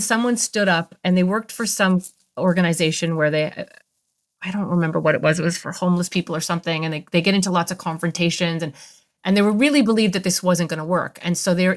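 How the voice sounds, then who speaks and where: A middle-aged woman, a therapist, telling stories as a guest in an interview in a lively, expressive way. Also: on the low side. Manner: animated, expressive storyteller. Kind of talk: interview storytelling.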